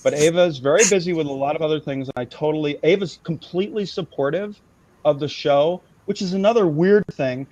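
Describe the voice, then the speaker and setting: A man's voice: a little high, brisk, lo-fi sound, noisy background. A man hosting a comedy livestream, ranting heatedly and profanely with lots of restarts. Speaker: host. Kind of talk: improvised comedy livestream rant.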